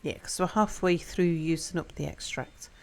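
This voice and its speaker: A woman's voice: lowish voice, moderate pace, darkish tone. A woman streaming a game live, chatting casually, reading chat aloud and playing with word sounds. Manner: chatty, reads chat aloud, playful with pronunciation. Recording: faint music behind.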